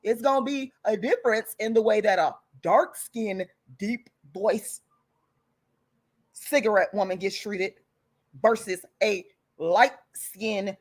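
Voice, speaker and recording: A woman with a mid-range voice speaks slowly as she hosts her own channel, ranting angrily and profanely straight at her viewers. Her delivery is blunt and defiant, full of angry emphasis and repeated insults.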